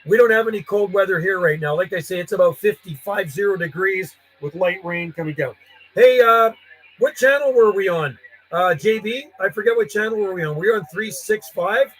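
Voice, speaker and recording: Man, radio hobbyist, higher voice, easygoing rambling on-air chat. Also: brisk, a bit bright, poor audio. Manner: rambling and friendly, chatting to callers while logging contacts. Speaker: ham radio operator.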